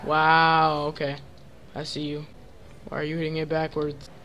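A man giving excitable gaming commentary, trash-talking his teammates with sudden loud yelps. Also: fairly high pitch, moderate pace, highs cut off, a little hiss or hum. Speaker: gaming channel host.

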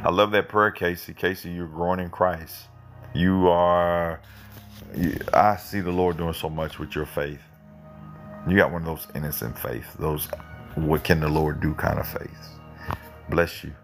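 A man's voice: steady tone, unhurried, soft background music. A man from Oklahoma leading a fervent live prayer, repeating phrases and answering viewers' requests. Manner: fervent, repeats phrases, rises in pitch when pleading. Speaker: prayer leader.

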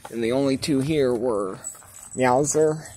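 A man's voice: medium pitch, a little slow, a little mellow, a little hiss or hum. Laid-back man chatting to his cats. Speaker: cat owner filming his outdoor cats. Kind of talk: casual vlog narration. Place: outdoors at home.

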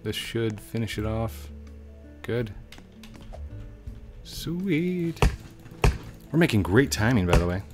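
A man's voice: on the low side, moderate pace, music in the background. A man casually commenting while he plays a building game, chatting to himself and his viewers. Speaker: let's play host.

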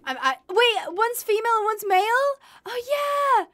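A woman's voice: very high voice, very animated, normal speed, fairly bright tone. A young woman streaming a game live, chatting to viewers and gushing and squealing over cute animals.

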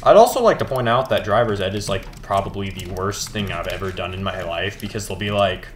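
Keyboard clicks and faint background noise accompany a teen gaming vlogger who rambles casually, laid-back and mumbly, with lots of hesitant fillers. His voice is low-pitched and he keeps a normal speed.

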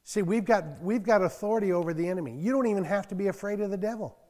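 Older male pastor, slightly high voice, folksy and conversational, loud scripture bursts, long hall reverb. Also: fast. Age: 60s. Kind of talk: conversational sermon.

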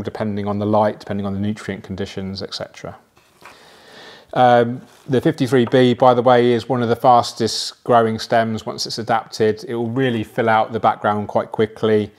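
A man casually explaining how he plants an aquarium, chatty and relaxed, with frequent fillers and asides. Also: fairly low pitch. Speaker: aquascaping presenter.

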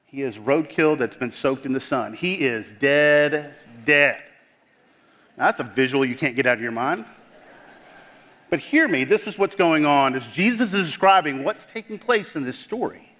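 A man pastor preaching a sermon with dramatic emphasis, leaning hard on key words and dropping to a hush on the weightiest ones. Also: medium pitch, animated, normal speed. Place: church sanctuary. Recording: long hall reverb.

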